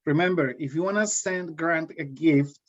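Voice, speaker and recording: A man's voice: on the high side, moderate pace. A man from Colombia with a Colombian accent, teaching a live online English class in a friendly, joking way and repeating key phrases. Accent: Colombian Spanish. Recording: dull lo-fi sound.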